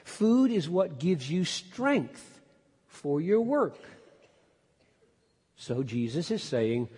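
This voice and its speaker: A man preaching an expository sermon, emphatic, climbing to loud peaks and then dropping low. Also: sing-song, slow pace, long pauses, breathy edge. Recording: long hall reverb.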